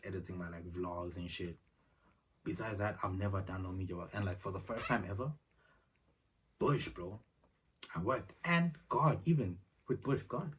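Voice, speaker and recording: With a low voice, a young vlogger rambles through a slangy story in a room at home, reenacting exchanges as dialogue. The clip is filmed on his phone camera, and the distant mic picks up faint noise.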